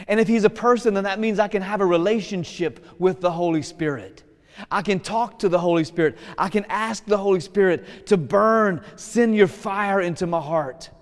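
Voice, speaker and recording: A male Catholic priest giving a sermon in a lively, casual way, slowing down to stress key points. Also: high-pitched. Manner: lively, casual preaching that slows for emphasis. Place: church. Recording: long church reverb.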